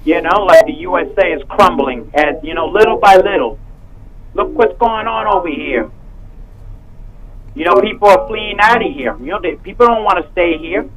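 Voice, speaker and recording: Male phone-in caller, high voice, rambling casual talk, heard over a radio call line. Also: expressive, moderate pace, poor audio. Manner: rambling, full of "you know".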